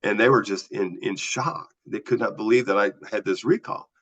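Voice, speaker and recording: A man's voice: fairly low pitch, moderate pace, slightly rough. A man telling a personal story as a podcast guest, vividly acting out the voices of the people he talks about. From US Southwest. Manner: animated storyteller acting out dialogue. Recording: slightly dull lo-fi audio.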